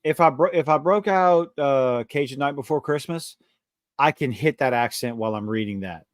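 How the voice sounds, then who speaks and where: A man's voice: mid-range voice, moderate pace, no room sound, clean studio sound. A man from Louisiana hosting a casual livestream chat, cursing and mocking himself as he banters. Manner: profane, self-mocking banter. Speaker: podcast host.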